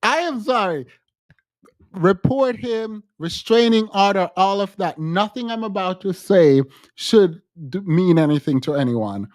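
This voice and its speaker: A man's voice: high-pitched, lively intonation, unhurried, a little mellow, no room sound, studio quality. Male co-host riffing casually, teasing and laughing through his commentary. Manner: mocking, laughs often. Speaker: podcast co-host.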